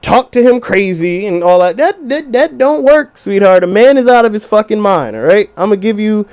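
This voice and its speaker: A man's voice: high-pitched, moderate pace, smooth. A young adult man hosting a podcast, talking in a casual, profane monologue and acting out voices as he goes. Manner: profane, animated, acts out quoted voices. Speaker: podcast host.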